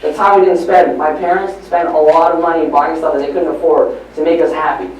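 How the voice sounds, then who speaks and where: Man, motivational trainer, animated and preachy, far from the mic, faint crowd ambience. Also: on the high side, brisk, slight background noise. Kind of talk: live motivational talk. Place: large hall at a training event. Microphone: far from the recording mic. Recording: echoey hall from far off.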